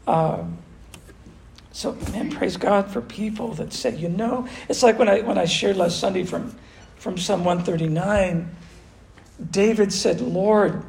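An older man preaching a conversational sermon as pastor, animated and full of restarts. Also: high-pitched, unhurried, vocal fry. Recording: echoey room with faint noise.

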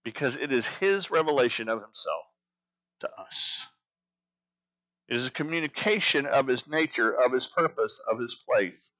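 A man's voice: medium pitch, expressive, moderate pace, sharp tone, rough recording. A man teaching a sermon, earnest, building his points by repeating phrases. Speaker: pastor.

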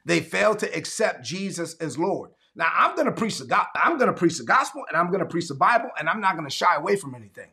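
A man preaching a sermon as pastor, animated and acting out conversations, calling on listeners to respond. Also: high-pitched, fast talker, creaky, few pauses. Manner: animated, acts out conversations in his own voice; calls for audience responses.

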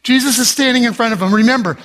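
A middle-aged male pastor preaching a sermon, telling the story with humor and acting out the people in it, and rising to shouts for emphasis. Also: very high voice, rapid-fire. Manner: animated storyteller, acts out voices with humor.

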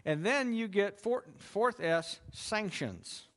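A man's voice: high voice, animated, slow pace, fairly bright tone. A man teaching a Bible lesson in a conversational, emphatic way, explaining step by step.

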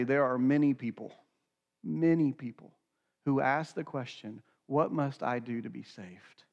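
A man's voice: medium pitch, in a large hall, muffled recording. A man preaching a sermon as pastor, earnest and acting out quoted dialogue.

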